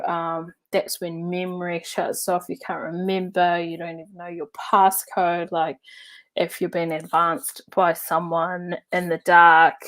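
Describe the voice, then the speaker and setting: A woman coach telling a story and teaching in a casual, chatty way, laughing now and then and using lots of fillers. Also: lowish voice. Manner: chatty and animated, laughs while telling stories; loose, with many fillers like "uh" and "like". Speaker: NLP and hypnotherapy coach.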